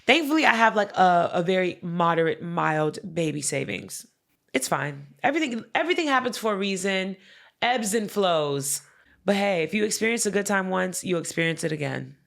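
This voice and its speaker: A woman co-hosting a podcast in casual chat, telling stories with animated energy, heavy slang and swearing, and lots of "like" and "literally.". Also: on the low side, moderate pace, creaky. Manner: fillers "like" and "literally". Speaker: podcast co-host.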